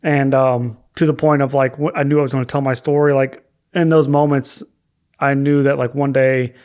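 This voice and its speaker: Man, podcast guest; mid-pitched, halting storyteller who restarts often. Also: flat delivery, darkish tone. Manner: halting, with frequent restarts and fillers. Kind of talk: personal storytelling.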